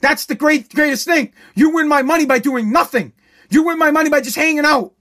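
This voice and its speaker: A man's voice: extremely high pitch, a little fast, a bit bright. A man ranting in a profane, sarcastic, indignant way. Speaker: ranter. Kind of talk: profane comedic rant.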